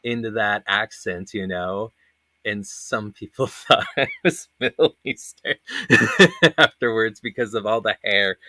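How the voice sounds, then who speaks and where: A man's voice: on the low side, a little slow, pushed and bright, dry recording. A man in his thirties hosting a casual panel chat, telling rambling stories with lots of fillers and frequent laughter. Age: 30s. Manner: laughs often, rambling anecdotes with many fillers. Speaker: panel host.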